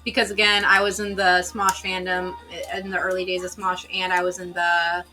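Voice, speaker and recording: A woman's voice: lowish voice, completely flat delivery, moderate pace, bright, forceful tone. A woman chatting casually on a stream while drawing, swearing and rambling through asides. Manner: shrieks when shocked. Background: faint music.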